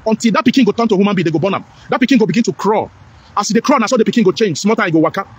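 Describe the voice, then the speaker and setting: Middle-aged Nigerian man, Pidgin-flavoured, high and fast, preachy and repetitive political rant. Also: animated, breathy edge. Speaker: political commentator. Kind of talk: impassioned monologue.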